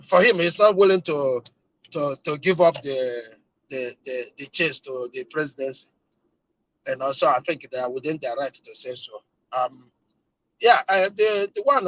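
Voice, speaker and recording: Brief: man, panelist, sore throat, high bright voice, dry close sound, lots of ums. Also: no echo, poor audio. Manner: hesitant, heavy with ums, grows more forceful. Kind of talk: casual panel discussion.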